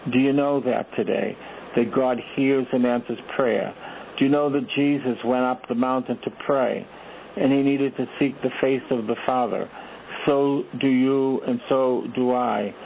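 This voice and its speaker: A man's voice: mid-range voice, vocal fry. Male priest preaching a sermon, repetitive exhortations, rhetorical questions, tinny radio sound with faint hiss.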